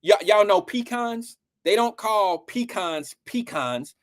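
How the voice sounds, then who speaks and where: A man's voice: high voice, lively intonation, slow. A man hosting a live call-in show who talks in a laid-back, reassuring way and often tells callers he hears them. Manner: laid-back, reassuring, says "I hear you". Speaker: host.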